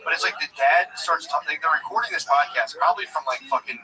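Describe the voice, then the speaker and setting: A man's voice: fairly high pitch, quick pace, recorded from a distance, a crowd in the background, low-quality recording. A man co-hosting a podcast in casual chat, rambling and swearing, often mimicking other people. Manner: rambling, profane, mocks others by imitation. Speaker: podcast co-host.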